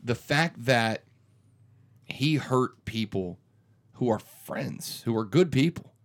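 A man's voice: medium pitch, animated, slow pace. A man in his thirties who hosts a radio morning show, speaking in an earnest, emphatic way with frequent restarts during a conversational interview.

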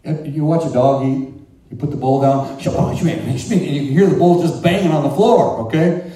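Man, preacher, lively sermon, dark mellow tone, very echoey church, distant mic. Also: on the high side, measured pace. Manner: animated, conversational preaching with asides to the congregation. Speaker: pastor. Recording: roomy echo, distant mic.

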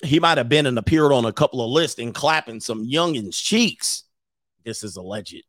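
A man hosts a casual livestream in mid pitch. He is an animated storyteller who laughs often and reads out viewer comments between stories. His voice sounds close and dry, with no room echo. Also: normal speed. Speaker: host of a livestream show.

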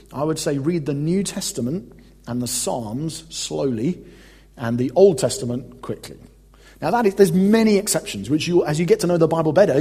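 A man's voice: on the high side, warm tone, breathy edge. A man preaching a conversational, emphatic teaching sermon as a pastor. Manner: conversational, emphatic, reads quotes aloud.

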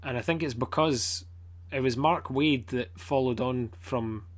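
Brief: Scottish man, casual podcast chat, blunt and sweary, rambles with fillers, mid-pitched. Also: measured pace.

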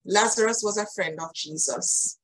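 A woman's voice: mid-range voice, normal speed, a bit bright, low-quality recording. A woman preaching a sermon, earnest and emphatic, speaking directly to her listeners.

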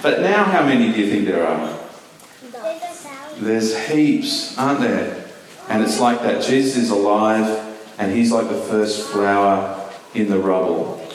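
A man's voice: on the low side, unhurried, long pauses. Man telling children a story in an echoey hall. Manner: lively, questioning storyteller to children. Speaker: children's talk leader at church. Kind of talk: children's Easter talk. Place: large church hall. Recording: echoey hall, mic at a distance.

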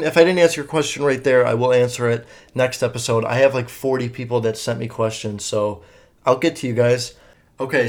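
A young man talks casually on his own podcast, rambling through listener questions with plenty of fillers. He swears freely and keeps a loose, offhand tone at a middling pitch. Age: young adult. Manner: rambling and profane, many fillers. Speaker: podcast host. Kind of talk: casual solo podcast chat.

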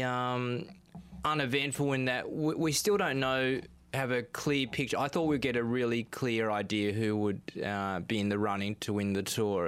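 A man's voice: mid-range voice, a bit bright, clean tone, no room sound. A man giving cycling analysis on a podcast panel, hesitant and thinking aloud. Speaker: cycling pundit. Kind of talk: casual panel chat.

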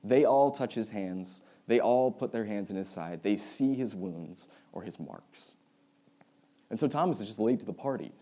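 Mellow low-voiced man preaching casually. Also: lively intonation, normal speed. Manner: conversational storytelling preaching with wry humor. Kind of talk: sermon.

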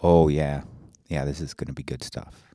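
A man's voice: a bass voice, fairly even intonation, normal speed, warm tone, no echo, clean studio sound. A man co-hosting a podcast in casual chat, tossing in teasing jokes. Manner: joking, teasing banter. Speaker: podcast co-host.

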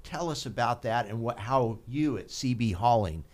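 A man's voice: medium pitch, animated, normal speed, darkish tone. A man hosting a local radio talk show, chatty and laughing easily as he tells stories.

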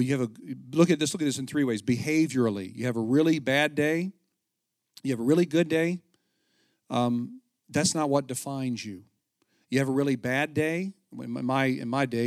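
A middle-aged man, a pastor, preaching a conversational sermon with animated storytelling and frequent restarts. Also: medium pitch, no echo, studio quality.

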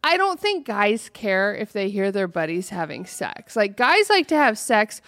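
A woman's voice: medium pitch, sing-song, measured pace, fairly bright tone. A young adult woman from Oregon hosting a podcast, teasing her guest with playful questions. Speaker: podcast host. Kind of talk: casual podcast chat.

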